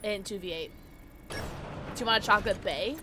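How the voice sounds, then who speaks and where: A young woman streaming a game, bubbly and tipsy, chatting excitedly with her viewers and squealing often. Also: mid-range voice, brisk, noisy background. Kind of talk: casual live-stream chat while gaming.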